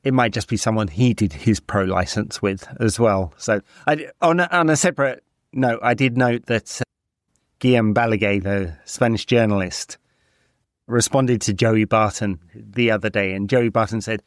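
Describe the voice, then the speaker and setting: Excitable man on a football podcast. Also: fairly low pitch, moderate pace, no echo, clean studio sound. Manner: animated, talks in bursts with restarts and "right?". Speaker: podcast co-host. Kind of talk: casual football chat.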